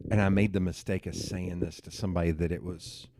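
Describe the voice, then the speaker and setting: Male guest, Southern accent, low mellow voice, rambling storyteller, dry mic. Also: level tone, a little fast, dry recording. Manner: storytelling with frequent "uh" fillers. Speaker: podcast guest. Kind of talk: casual political chat.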